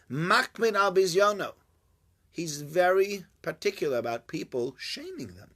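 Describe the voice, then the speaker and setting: A man's voice: fairly high pitch, sing-song, normal speed, fairly bright tone. A man giving an informal Torah class, chatty and joking with his listeners. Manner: chatty, jokey, banters with listeners. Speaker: Torah teacher.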